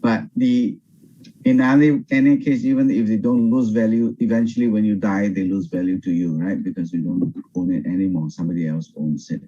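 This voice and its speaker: Older pastor, dull video-call sound. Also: male voice, on the low side, husky. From Singapore. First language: Teochew. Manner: animated, pauses and restarts often. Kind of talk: Bible study teaching. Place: home over video call.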